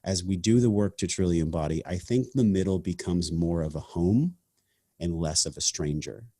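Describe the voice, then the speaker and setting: A man's voice: sits low, normal speed, dark tone, dry recording, clean studio sound. A man hosting a podcast, speaking in a reflective, earnest and casual way, often saying "man" and "like". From half Sicilian family heritage. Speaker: podcast host. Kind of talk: casual conversation.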